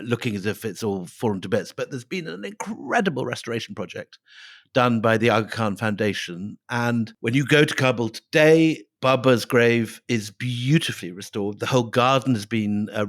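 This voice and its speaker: A man's voice: fairly low pitch, no echo, clean studio sound. A middle-aged man co-hosting a history podcast, telling the story with dramatic flair and reading quotes aloud.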